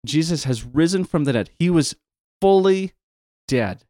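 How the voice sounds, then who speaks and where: A man's voice: on the high side, expressive, normal speed, darkish tone, no room sound, clean studio sound. A man co-presenting a retelling of a Bible story, talking casually with emphatic asides and restarts.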